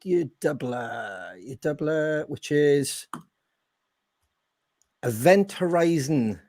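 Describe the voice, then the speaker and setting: Excitable high-voiced man hosting a podcast. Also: very slow, no room sound, clean studio sound. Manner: excitable, swears freely. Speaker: podcast host. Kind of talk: casual chat.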